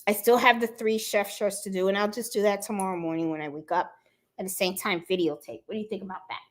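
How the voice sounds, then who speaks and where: A woman's voice: mid-range voice, fairly even intonation, a little fast. A woman from Puerto Rico hosting a casual craft livestream, chatting and greeting viewers by name as she reads their comments. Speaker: craft channel host.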